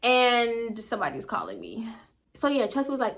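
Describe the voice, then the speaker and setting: A woman's voice: on the high side, huge pitch swings, normal speed, a bit bright. A young woman vlogger telling a storytime tale casually, profane and gossipy, acting out what people said.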